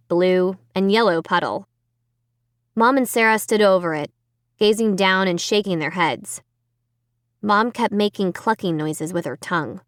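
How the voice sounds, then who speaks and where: Slow, expressive woman audiobook narrator. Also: medium pitch, no room sound, studio quality. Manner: dramatic, expressive storytelling. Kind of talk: first-person audiobook narration.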